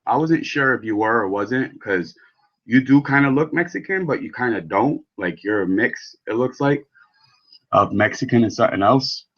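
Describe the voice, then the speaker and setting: A man's voice: medium pitch, expressive, moderate pace, muffled recording. A man hosting a vaping channel, chatting casually and rambling to viewers by name, often swearing. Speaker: vape channel host. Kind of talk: casual live chat while building coils.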